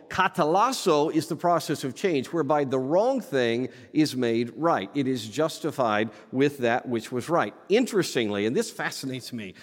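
A pastor preaching a sermon from the pulpit, animated and playful, with asides to the congregation. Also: male voice, a little high, in a large hall. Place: church sanctuary.

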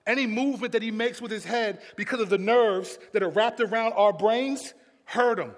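A man preaching a sermon to a congregation, moving between hushed passages and shouted storytelling. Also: high voice, moderate pace, big-room sound. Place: large room with congregation.

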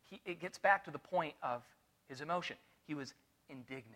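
A man preaching an expository Bible lesson to a room of listeners, animated and full of rhetorical questions. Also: fairly high pitch, a little fast. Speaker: Bible teacher. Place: room with a live audience.

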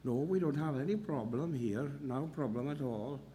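A man voicing a little old Welsh lady, soft and apologetic, in a sermon story. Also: mid-range voice, normal speed, in a large hall, a little hiss or hum, natural voice. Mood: gentle.

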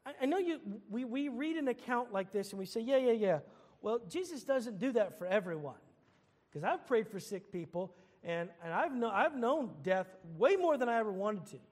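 A man's voice: very high-pitched, expressive, moderate pace, big-room sound. A man preaching a sermon as pastor, earnest, often repeating and restarting his phrases.

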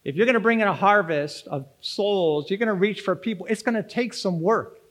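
A man, preaching a folksy, energetic sermon and urging the congregation to answer back. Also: high-pitched, brisk. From Boston area, Massachusetts. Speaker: pastor. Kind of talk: sermon with personal story.

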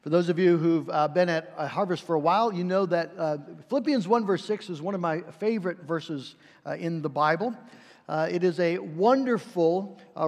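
A man preaching a sermon and leading prayer as pastor, earnest and measured, with frequent filler words. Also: high-pitched, long reverb tail.

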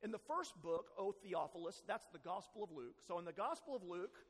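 High-voiced man preaching in a reverberant hall. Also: very animated, moderate pace. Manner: earnest, self-deprecating preaching with rising emphasis. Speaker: pastor. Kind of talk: sermon.

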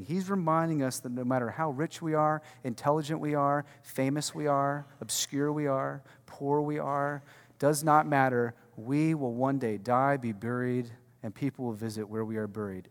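Emphatic preacher man in an echoing hall. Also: mid-range voice. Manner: emphatic, rhetorical questions, casual slang. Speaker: pastor. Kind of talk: sermon. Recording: long reverb from a large hall.

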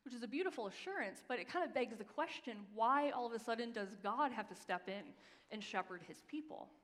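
Woman pastor, sermon, emphatic storyteller, higher voice, long hall reverb. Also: expressive, a bit bright. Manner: storytelling, emphatic, slows for scripture readings. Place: church sanctuary.

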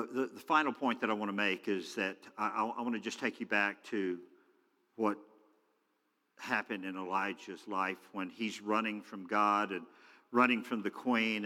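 Animated preacher in a reverberant hall. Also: male voice. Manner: animated preaching, acts out quoted voices with big swings in pitch and loudness. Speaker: pastor. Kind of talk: sermon.

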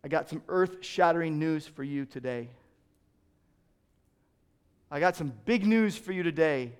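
Middle-aged male pastor, high voice, dynamic sermon delivery with loud and soft swings. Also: expressive, measured pace, clear, resonant tone. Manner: dynamic preaching, swings from loud emphasis to quiet.

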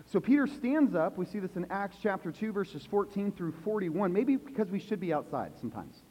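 High-voiced pastor preaching in a hall. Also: male voice, big pitch swings, brisk, husky. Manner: asks the congregation questions, swings from hushed to loud emphasis. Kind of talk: sermon. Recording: echoey hall, dull lo-fi sound.

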